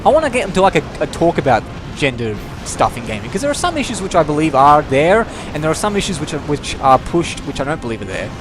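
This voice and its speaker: A man's voice: a little high, sing-song, fast, hardly any pauses, background noise. A young man doing let's-play commentary, rambling and opinionated, swearing freely and restarting his sentences often. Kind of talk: gameplay commentary rant. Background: game music.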